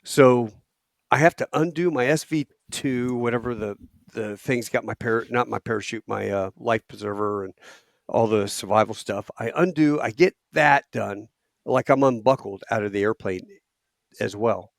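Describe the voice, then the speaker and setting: A middle-aged man telling a long anecdote on a podcast, animated and acting out quotes. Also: mid-range voice, normal speed, vocal fry, dry recording, clean studio sound. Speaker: podcast guest. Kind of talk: casual storytelling.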